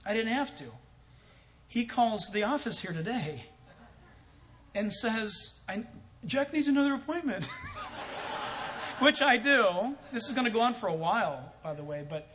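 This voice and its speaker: A man's voice: high voice, bright, forceful tone, a little hiss or hum. A man telling a story in a sermon as a pastor, acting out both sides of a conversation and chuckling often.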